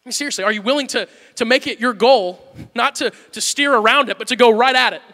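Bright-voiced male pastor in an echoing hall. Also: very high-pitched, quick pace. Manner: candid and self-deprecating, swings from hushed to shouting. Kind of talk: sermon. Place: church.

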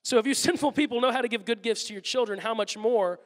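Animated high-voiced male pastor preaching. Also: fast talker, big-room sound. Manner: conversational, animated, acts out little scenes. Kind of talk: sermon.

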